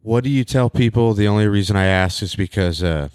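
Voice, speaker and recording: Deep-voiced podcast host asking loose questions. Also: male voice, a little fast, darkish tone, clear, resonant tone, dry recording, studio quality. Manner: easygoing, asks long meandering questions. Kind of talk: casual interview chat.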